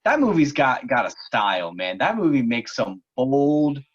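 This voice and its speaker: A man's voice: medium pitch, very animated, moderate pace, husky. A young man co-hosting a podcast, offering opinionated hot takes in casual chat. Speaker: podcast co-host. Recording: dull lo-fi sound.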